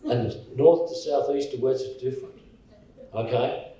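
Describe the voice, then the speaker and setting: An Australian man with a mellow, darkish voice gives a jokey event speech. He sounds set back from the mic in a big echoey hall. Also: medium pitch, unhurried, recorded from a distance. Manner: jokey, storytelling. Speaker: college representative.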